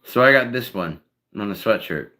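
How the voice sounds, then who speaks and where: A man's voice: lowish voice, expressive, moderate pace, bright, forceful tone. A man chatting casually on a solo live stream, rambling and heavy on fillers. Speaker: streamer and singer-songwriter.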